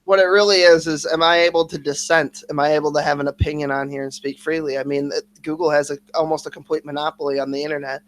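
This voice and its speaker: A man co-hosting a casual podcast livestream, venting and ranting with constant cursing at a quick, animated clip. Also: on the high side. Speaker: podcast co-host.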